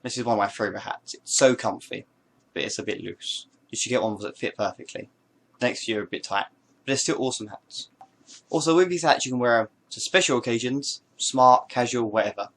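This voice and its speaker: A man's voice: mid-range voice, fairly quick, a bit bright. A man chatting casually to camera, showing his hats with playful, rambling jokes and asides. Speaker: vlogger. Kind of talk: casual show-and-tell to camera.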